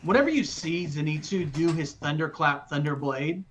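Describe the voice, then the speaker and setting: A man's voice: fairly high pitch, moderate pace, slight background noise. A man co-hosting a casual podcast, enthusiastic and rambling, swearing freely. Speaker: podcast co-host.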